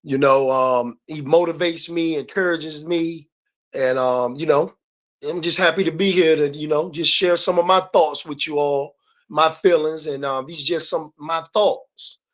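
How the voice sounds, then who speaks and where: Earnest male guest, pausing with "um". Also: fairly high pitch, fairly bright tone. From Washington, D.C. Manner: earnest, measured, with many "um" pauses. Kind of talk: casual talk show chat.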